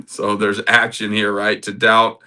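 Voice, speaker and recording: A man hosting a podcast, giving a sermon-like Bible talk, animated and laughing often. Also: lowish voice. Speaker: podcast host.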